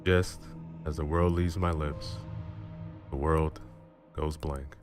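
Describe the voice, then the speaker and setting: Brief: a deep-voiced man narrating a story dramatically over a music bed. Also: steady tone, takes it slowly. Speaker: storyteller, channel host. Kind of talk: first-person story narration.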